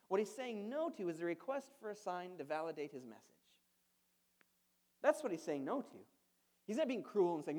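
A man's voice: high voice, very animated, a little fast, a little mellow. A male pastor giving a sermon in a conversational style, asking the congregation rhetorical questions and adding playful asides.

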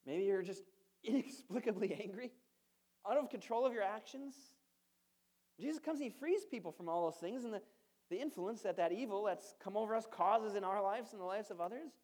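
A man's voice: high voice, fairly quick, darkish tone. A male pastor giving a sermon in a conversational style, asking the congregation rhetorical questions and adding playful asides.

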